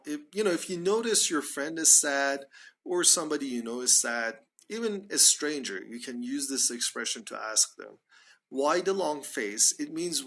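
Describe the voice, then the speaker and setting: A man with a Canadian accent teaching English idioms, patiently repeating phrases slowly and giving examples. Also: a little high, bright, forceful tone. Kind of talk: spoken English lesson on idioms.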